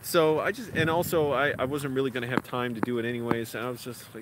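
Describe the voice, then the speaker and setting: A man's voice: medium pitch, fast talker. A man vlogging outdoors in a casual, rambling way, with lots of fillers. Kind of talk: casual vlog talk. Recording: outdoor street noise behind.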